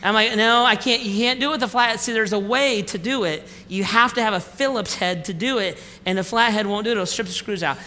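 A man preaching a sermon, telling a comic family story with acted-out dialogue, then slowing down for the lesson. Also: sits high, bright, forceful tone. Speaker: pastor. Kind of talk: sermon with a humorous personal story. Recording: reverberant hall with faint room noise.

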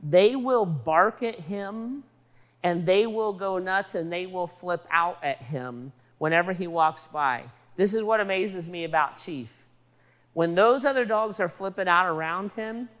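A woman preaches a sermon, her voice sitting low for a woman. She talks in a loose, conversational way, leaning on everyday stories to make her point. Her words ring out with a long reverb, as in a big hall. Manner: conversational, illustrative storytelling.

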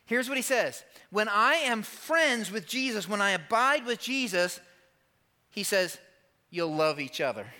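A man preaching a sermon as a pastor, emphatic and animated, acting out quoted lines and tossing asides to the congregation. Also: sits high, measured pace. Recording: long hall reverb.

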